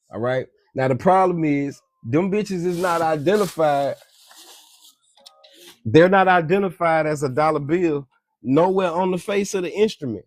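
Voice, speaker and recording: A man's voice: a little high, moderate pace, no echo. A man giving a casual, profane, preachy monologue about money as a social media commentator, often calling listeners "beloved". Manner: profane, preachy, repeats "you dig me" and "beloved".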